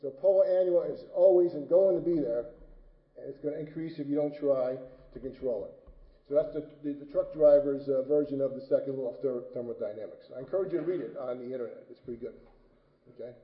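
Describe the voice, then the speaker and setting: A man lecturing at a conference in an easygoing, joking manner, checking in with his listeners and stumbling into restarts now and then. His voice sits at an ordinary middle pitch. The recording is a bit dull and carries the echo of a large room. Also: brisk. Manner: folksy, joking, many restarts and tag questions. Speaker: turfgrass lecturer. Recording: dull, roomy hall recording.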